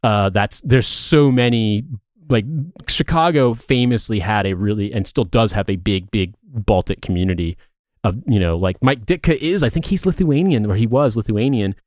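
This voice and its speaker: A man in his thirties talks in a low voice, rambling through casual podcast chat. He swears freely and corrects himself mid-sentence. The sound is dry and close. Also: moderate pace, a little mellow, no room sound. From Indiana. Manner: rambling, profane, self-correcting. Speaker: podcast co-host.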